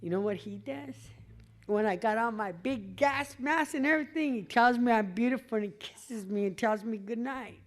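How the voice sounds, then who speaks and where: A woman's voice: on the high side, moderate pace. Middle-aged woman, recovery meeting speaker, blunt street talk, swears, laughs at herself. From California. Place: meeting hall before an audience.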